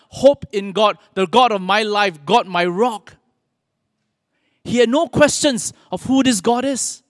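A man preaching a sermon in an earnest manner, pausing often and quoting scripture. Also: high-pitched, no room sound, studio quality, long reverb tail. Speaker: pastor.

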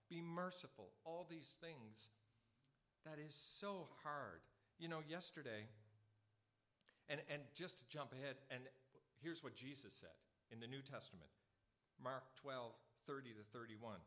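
A man's voice: medium pitch, a little slow. A man preaching a sermon in a conversational way, telling everyday stories between scripture readings. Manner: conversational storytelling, animated asides.

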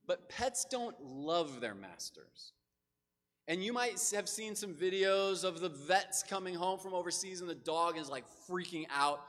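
A man delivers a sermon in a loose, talky style, full of asides. His slightly high voice swings up and down a lot. The sound carries a long reverb from a large hall. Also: normal speed. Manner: lively, conversational with casual asides.

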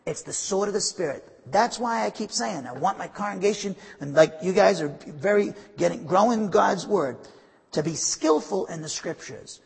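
Emphatic preaching man, husky voice. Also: sits high, expressive, normal speed, long reverb tail. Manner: emphatic preaching with asides and restarts. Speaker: pastor. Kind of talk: sermon.

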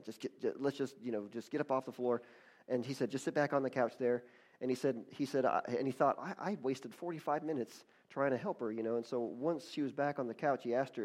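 Male pastor, mid-range voice, retelling a story in a sermon, halting restarts, climbs into fervent praise. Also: medium pitch, a little mellow. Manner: repeats and restarts words often, rising to fervent praise.

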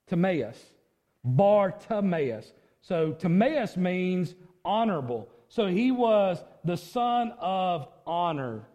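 A male pastor preaching a sermon, with emphatic delivery and sudden high outcries as he acts out a plea. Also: warm tone, long reverb tail, dull audio.

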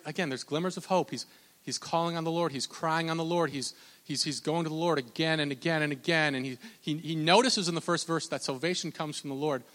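Impassioned preacher in a reverberant hall. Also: male voice, on the high side, fairly quick, fairly bright tone. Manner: impassioned, repetitive, with frequent restarts and stammered repeats. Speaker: pastor. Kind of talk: sermon.

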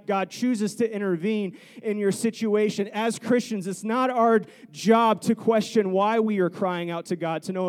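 Male pastor, thirties, high voice, earnest sermon delivery that swells into pleading repetition. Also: a little mellow, clear, resonant tone. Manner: earnest, repetitive, rising to fervent pleas.

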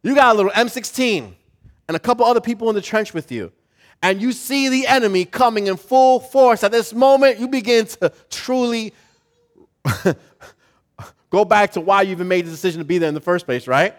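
A man preaching a sermon as a pastor in a church service, telling a story and building to loud exhortation. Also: sits high, lively intonation, moderate pace.

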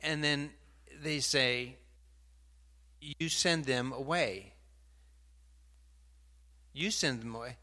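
A man preaching a sermon, animated and building to emphatic outbursts, stopping now and then to sort out his slides. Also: mid-range voice. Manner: pauses mid-talk to sort out slides.

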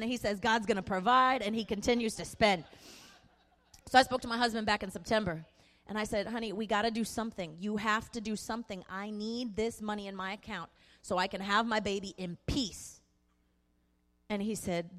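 A woman's voice: medium pitch, steady tone, fairly quick, a bit bright. A young woman pastor giving an impassioned sermon testimony, earnest and emphatic with repeated phrases. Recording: echoey hall.

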